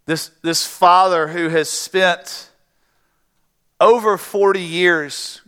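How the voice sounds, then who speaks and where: A man preaches with a high, bright voice that rings out. His sermon mixes scripture readings with spoken retellings, and the sound carries a long hall reverb behind him. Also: steady tone, takes it slowly, clear, resonant tone. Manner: preaching, reads scripture aloud and voices pleading characters. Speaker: pastor.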